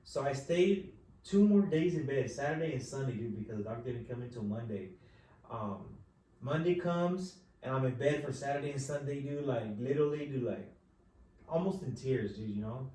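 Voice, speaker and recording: A man hosting a podcast, telling a story in relaxed casual chat, swearing and saying "dude" over and over. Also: medium pitch, moderate pace. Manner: relaxed, profane, says "dude" constantly. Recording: echoey room, distant mic, faint noise.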